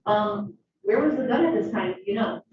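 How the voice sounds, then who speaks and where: A woman questioning a witness in a courtroom, measured and probing. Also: mid-range voice, lively intonation, noisy background. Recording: echoey, distant, dull courtroom audio.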